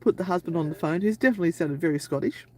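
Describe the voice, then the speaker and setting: A woman's voice: lowish voice, very fast, dark tone, poor audio. A woman co-hosting a live stream, telling a long travel anecdote in a chatty, rambling way. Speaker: paranormal channel co-host. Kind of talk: casual live-stream storytelling.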